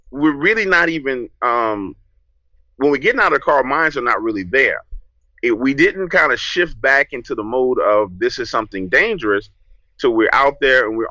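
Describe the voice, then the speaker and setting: A man, a podcast guest telling a story in a casual, lively way and acting out what he said back then. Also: mid-range voice, no echo, poor audio. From New Orleans, USA. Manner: lively, acts out his own past lines.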